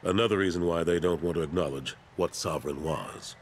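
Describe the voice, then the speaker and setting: A weary older soldier turned councilor, speaking with a very deep, steady voice. He sounds calm and earnest, the worn-down veteran of a video game. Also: brisk, slight background noise.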